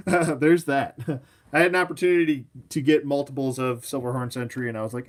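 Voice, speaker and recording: A man of ordinary pitch runs a live toy review, talking loosely and wandering off topic. He pokes fun at himself and answers his viewers as he goes. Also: steady tone, moderate pace. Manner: rambling, chatty, self-mocking, answers viewers. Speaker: action figure reviewer. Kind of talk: casual live review chat.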